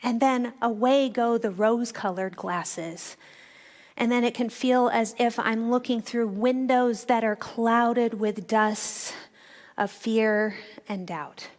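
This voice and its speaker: A woman's voice: a little high, fairly even intonation, slow, darkish tone. A woman minister giving a reflective, storytelling sermon, speaking directly to her congregation in a church. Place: church sanctuary.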